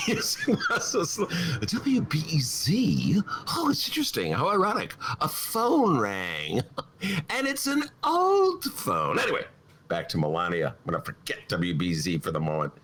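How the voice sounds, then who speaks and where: A man hosting a comic political talk show from his attic, sarcastic and animated, with a Chicago accent. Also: a little high, unhurried, husky. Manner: sarcastic, animated, jumps between mock voices and asides. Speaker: podcast host. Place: home attic studio.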